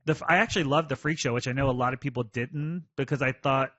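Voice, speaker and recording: A man's voice: mid-range voice, fast talker, fairly bright tone, no echo, lo-fi sound. A man co-hosting a podcast in casual chat, musing and trailing off as he thinks. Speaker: podcast co-host.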